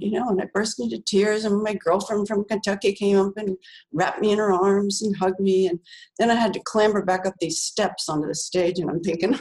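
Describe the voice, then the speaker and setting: A middle-aged woman telling a personal story in a relaxed, chatty way, with lots of fillers, restarts and laughs. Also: mid-range voice, fairly quick, poor audio. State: tearful while remembering. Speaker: author, interview guest. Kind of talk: casual storytelling.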